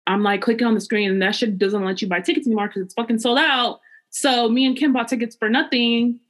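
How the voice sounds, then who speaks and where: A woman's voice: on the high side, fairly even intonation, quick pace. Slangy young woman recounting a night out. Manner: narrates with acted quotes of others, slangy and profane. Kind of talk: casual chat.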